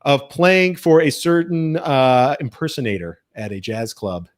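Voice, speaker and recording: A man's voice: medium pitch, a little slow. A man hosting an interview, eagerly affirming his guest and asking long, winding questions. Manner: enthusiastic, affirming, lots of "right" and "man". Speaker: interviewer, host.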